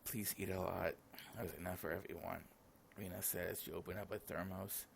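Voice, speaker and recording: A man's voice: sits low, flat delivery, moderate pace, gravelly, slight background noise. A sleepy young man reading all the lines of a visual novel aloud in his own voice, with casual asides. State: sleepy, yawning. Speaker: gaming channel host.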